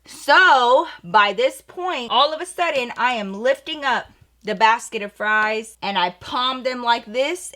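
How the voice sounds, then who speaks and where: A young woman telling a storytime vlog while getting ready, animated and profane, acting out the quoted dialogue. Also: sits high, moderate pace. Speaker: vlogger.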